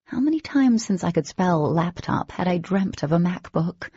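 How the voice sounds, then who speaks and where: A woman narrating an audiobook in first person, with an expressive reading and a husky, creaky voice. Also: on the low side, normal speed, dull audio.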